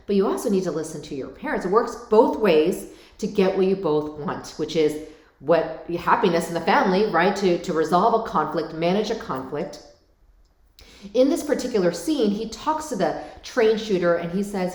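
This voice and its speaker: Animated woman vlogger in an echoey room. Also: mid-range voice. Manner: animated, addresses viewers directly with frequent "right?". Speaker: parenting vlogger. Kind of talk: casual talk to camera.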